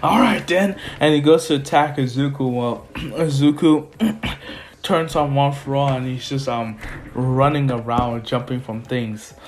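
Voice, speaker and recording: A man's voice: medium pitch, fairly even intonation, unhurried. A man casually retelling a fan story, rambling with fillers and self-corrections. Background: faint lofi music.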